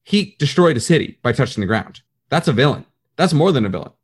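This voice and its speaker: Casting: male podcast co-host, average pitch, rambling animated chatter. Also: quick pace, slightly rough. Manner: animated, rambling, acts out quotes. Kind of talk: casual chat.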